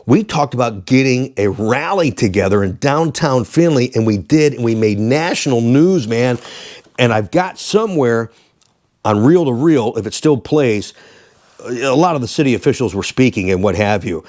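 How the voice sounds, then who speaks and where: A man, a former radio DJ, casually telling stories to the camera, animated and quick to laugh. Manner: animated, mimics callers in high voices, laughs often.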